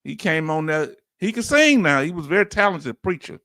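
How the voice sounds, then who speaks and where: Man, Louisiana Southern accent, fairly high voice, preachy animated commentary, dry recording. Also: fairly quick, no room sound. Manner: animated, preachy, rhetorical questions, chuckles. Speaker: veteran commentator, host. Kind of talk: casual commentary monologue.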